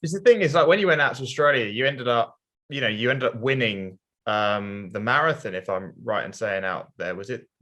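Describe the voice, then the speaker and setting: A man's voice: medium pitch, a little fast, bright, forceful tone. A man interviewing a guest, asking long, hedged questions with fillers.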